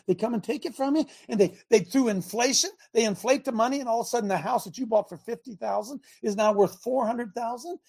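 A man giving an impassioned political talk to an audience, reading numbered principles aloud and breaking off into angry, loud commentary. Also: extremely high pitch, gravelly, slightly rough. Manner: reads numbered principles, then rants and comments; grows angry and loud at times. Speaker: speaker addressing an audience.

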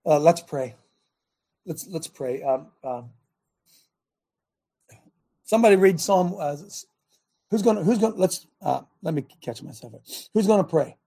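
A man preaching to a men's gathering, reading scripture and swinging from loud urging calls to hushed near-whispers in a husky voice. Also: a little high, lively intonation, unhurried, pauses often.

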